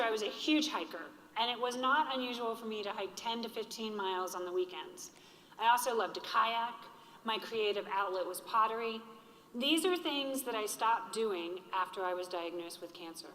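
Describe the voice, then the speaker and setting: A woman in her forties speaks earnestly from a stage, slowing down to stress her key lines. Her voice is bright and sits a little high. The sound is roomy, with a long hall reverb behind her. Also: slight background noise. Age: 40s. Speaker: keynote speaker. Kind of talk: motivational conference speech. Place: large hall with an audience.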